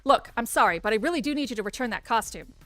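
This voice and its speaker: A woman's voice: on the high side, expressive, quick pace, no echo, soft background music. A woman voicing an anxious, insistent male costume-shop clerk who speaks formally and pleads. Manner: formal and pleading, calls others sir.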